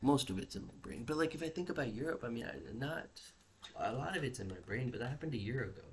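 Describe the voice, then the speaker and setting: Restless and rambling, this young vlogger swears offhandedly and keeps dropping thoughts halfway before starting again. He talks fast in an expressive mid-range voice, with a little hiss or hum in the recording.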